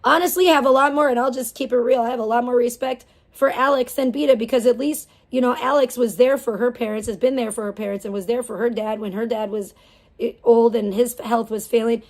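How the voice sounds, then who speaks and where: A woman streamer in the middle of an angry rant, swearing hard and dripping with contempt. Her voice sits a little high for a woman. She mocks as much as she talks. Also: fairly even intonation, brisk. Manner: profane, scornful, mocking. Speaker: live streamer. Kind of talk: angry ranting live stream.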